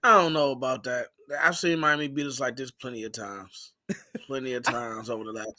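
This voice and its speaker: A man's voice: mid-range voice, brisk, pushed and bright, dry recording, clean studio sound. A man calling into a fan stream, rambling through frustrated casual sports talk.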